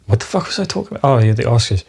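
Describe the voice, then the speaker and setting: A man's voice: mid-range voice, sing-song, very fast, creaky, darkish tone, slightly rough. A man hosting a solo podcast, rambling and swearing freely as he drifts from topic to topic, with lots of fillers. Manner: rambling, profane, sidetracked, with many fillers. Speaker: podcast host.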